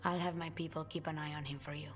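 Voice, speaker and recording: Video game role: a woman voicing a composed noble matriarch, low bright voice, gentle reassurance, faint music under. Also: level tone, fast talker, close to an everyday voice. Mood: reassuring.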